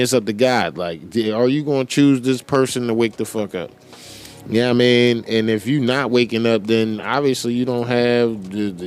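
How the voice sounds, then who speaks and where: A man's voice: medium pitch, smooth. Profane ranting podcast host, man. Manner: profane, ranting, laughing often. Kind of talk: profane casual rant. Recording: loud background noise.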